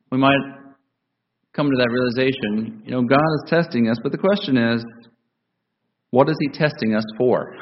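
A man preaching a sermon to his congregation. He speaks in a measured way and repeats key phrases for emphasis. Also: fairly low pitch, highs cut off. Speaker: pastor.

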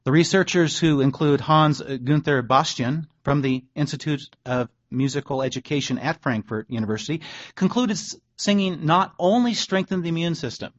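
A man giving a sermon in a conversational way, reading out research and adding wry asides. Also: mid-range voice. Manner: conversational preaching, reads quotes aloud, wry asides. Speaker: pastor. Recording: dull lo-fi recording.

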